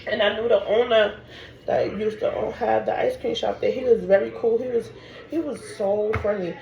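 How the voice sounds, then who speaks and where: New woman, casual storytime vlogger, animated and chatty, roomy echo, noisy background. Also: on the high side, moderate pace, vocal fry, lo-fi sound. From Harlem, New York. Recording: echoey room with background noise.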